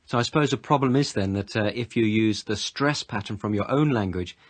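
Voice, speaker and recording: Male host, husky voice, dry close-mic sound, sums up and asks questions. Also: lowish voice, brisk, no echo. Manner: summarising and prompting questions. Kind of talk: educational podcast hosting.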